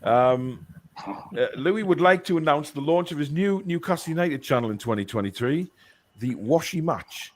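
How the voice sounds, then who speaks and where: A man's voice: fairly high pitch, lively intonation, normal speed. A man hosting a casual online chat show, rambling and joking as he reads out viewer comments. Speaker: show host.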